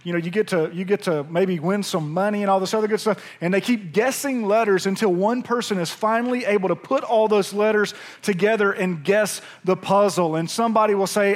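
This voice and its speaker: A pastor preaching to his church, his voice sitting high for a man. He tells his story in an animated, chatty way and keeps turning to the congregation with asides. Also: fairly quick, hardly any pauses. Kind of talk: sermon with storytelling. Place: church sanctuary.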